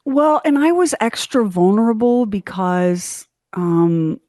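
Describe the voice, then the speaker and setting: A middle-aged woman co-hosting a podcast, telling a story in candid, animated casual chat and acting out the quotes. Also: mid-range voice, takes it slowly, dry recording, clean studio sound. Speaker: podcast co-host.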